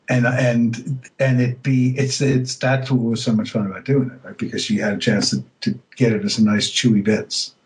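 A man's voice: medium pitch, low-quality recording. Hesitant man telling stories in an interview. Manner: hesitant, many fillers and restarts; relaxed storytelling, laughs easily. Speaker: voice actor, interview guest. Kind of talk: casual interview chat.

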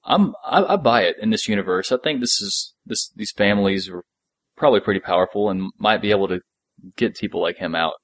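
A man's voice: fairly low pitch, brisk, dry recording. A man co-hosting a podcast, chatting in an enthusiastic, laid-back way about a show he is a fan of. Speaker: podcast co-host. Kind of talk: casual chat.

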